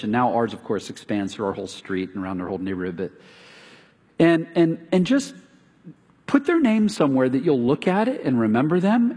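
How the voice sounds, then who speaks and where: Husky and medium in pitch, a middle-aged pastor's voice echoes through a reverberant hall. His sermon is lively storytelling in which he voices the lines of the neighbors and other characters.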